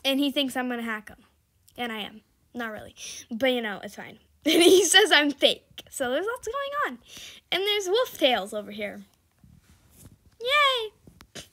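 A young woman giving casual, giggly commentary over her own gameplay, chatty and shifting between loud squeals and quiet mutters. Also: sits high, sing-song, normal speed. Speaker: gaming video creator.

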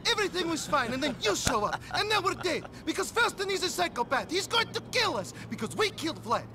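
A paranoid, frantic cousin in a game cutscene. His voice is high and jumps wildly in pitch. He talks in a whiny way. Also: sing-song, quick pace, over music. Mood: panicked. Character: panicky, paranoid male cousin. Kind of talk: video game cutscene acting.

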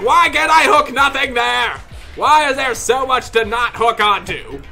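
High, bright, ranting gamer man. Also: lively intonation, a little slow, faint music behind. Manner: ranting, yelling and cursing at the game; mutters low under his breath between outbursts. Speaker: gaming video creator. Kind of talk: angry gameplay commentary.

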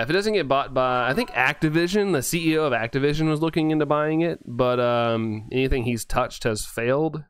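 A male game streamer reading his live chat aloud, excitable and quick to thank viewers, laughing often. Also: medium pitch, clean tone, dry recording.

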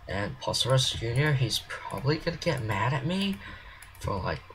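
A man's voice: mid-range voice, very animated, normal speed, a bit bright, a little hiss or hum, rough recording. A man rambling self-consciously in casual commentary while he builds in a game. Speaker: game creator. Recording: clear mouse clicks and typing.

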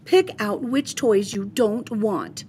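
A woman's voice: medium pitch, slow pace, mellow, slight background noise, close to an everyday voice. A woman voicing an exasperated, fed-up mother in a storybook read-aloud, speaking sternly.

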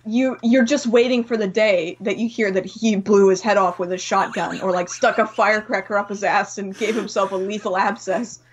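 A woman's voice: mid-range voice, steady tone, normal speed, few pauses, breathy edge. A young woman from Canada as a podcast guest, speaking candidly, swearing freely and voicing the people in her stories. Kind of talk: casual chat. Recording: slightly dull audio.

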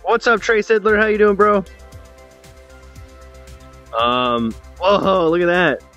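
A young man streaming a VR game, joking around and reacting loudly as he plays. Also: high-pitched, slow pace, highs cut off, faint music behind. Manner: excitable, jokey, loud reactions. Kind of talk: casual game commentary.

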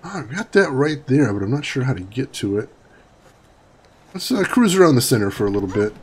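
A man's voice: medium pitch, sing-song, brisk, a little hiss or hum. A man casually commenting on his game while chatting with viewers and laughing often. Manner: chatty, reads chat aloud, laughs often. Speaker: gaming streamer. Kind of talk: casual let's-play commentary.

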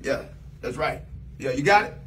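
Man as a loud teasing boss, high voice, faint room noise behind. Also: animated, normal speed. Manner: bossy, loud and teasing, swings pitch a lot. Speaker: comedian playing a new boss. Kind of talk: improvised comedy sketch.

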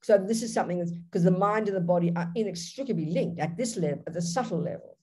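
An Australian woman teaching Buddhism over a video call, explaining directly and with animation. Her voice sits a little low, with a mellow, husky tone. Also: fast talker. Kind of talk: dharma teaching with Q&A.

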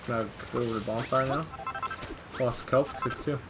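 A man's voice: medium pitch, steady tone, moderate pace, music in the background. A man hosting a let's play, talking through casual gameplay commentary and mumbling to himself as he reads game text aloud.

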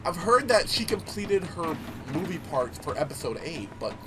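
A man's voice: fairly high pitch, very animated, moderate pace, background noise. A man giving casual gameplay commentary, telling stories animatedly, swearing and laughing often. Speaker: gaming YouTuber.

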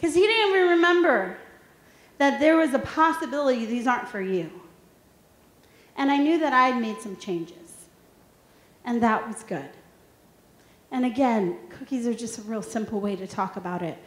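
Fairly high-pitched and speaking at normal speed, this woman in her thirties pauses often as she presents a workshop. In a large room with an audience and an echoey sound, she tells funny stories in a lively manner and asks listeners questions, delivering a humorous motivational talk.

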